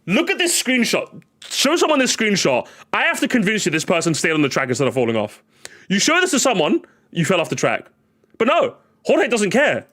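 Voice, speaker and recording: A male streamer reacting live to game replays, chatty and excitable, rambling with many restarts. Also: high-pitched, a little fast.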